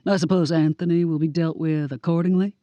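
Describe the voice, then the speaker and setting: A stiff, formal male school official, voiced by a woman narrator. He speaks in a low, reserved way with clipped politeness. The recording is close and dry. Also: fairly even intonation, a little fast, dark tone, dry recording, dull audio, natural voice.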